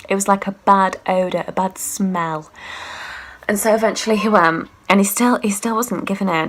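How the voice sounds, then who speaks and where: Brash sweary girl telling a story, gravelly edge, bright voice. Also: medium pitch, normal speed. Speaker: vlogger. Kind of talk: storytime vlog.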